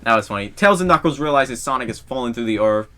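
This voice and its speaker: A young man hosting a casual movie review podcast. His voice sits at an everyday middle pitch, and he talks in an excitable, rambling way, laughing often as he goes. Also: fast talker. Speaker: podcast host.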